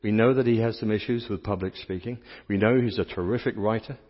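A man preaching a lively sermon, playful and coaxing the congregation to join in. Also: on the low side, quick pace. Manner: playful, coaxes the crowd to join in. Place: church sanctuary. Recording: dull sound, long church reverb.

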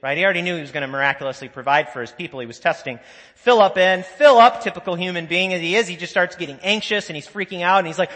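A pastor preaches a sermon in a church sanctuary in a conversational, storytelling way, adding asides and voicing quotes from the people in his stories. He's a fast talker with a high-pitched, fairly bright voice. The recording has long church reverb.

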